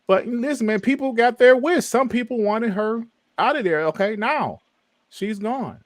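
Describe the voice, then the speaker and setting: Animated man hosting a dry podcast. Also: very high voice, moderate pace, dry recording. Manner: animated, reads chat comments aloud. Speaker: podcast host. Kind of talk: casual podcast chat.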